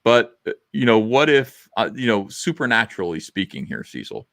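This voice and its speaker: A man's voice: mid-range voice, very animated, normal speed, vocal fry, fairly bright tone, dry recording. A middle-aged man hosting a casual livestream chat, rambling and blunt with lots of fillers. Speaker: livestream host.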